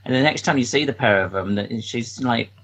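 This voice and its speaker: A man co-hosting a podcast in casual film chat, halting and restarting sentences, with a dry wit. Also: mid-range voice, a bit bright, slightly rough, poor audio. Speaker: podcast co-host.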